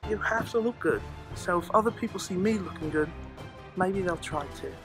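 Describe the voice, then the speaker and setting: A man with a high-pitched voice, speaking at a moderate pace, performs a comic monologue as a boastful, pompous male elk king who rambles and bosses his staff. Faint music plays behind him.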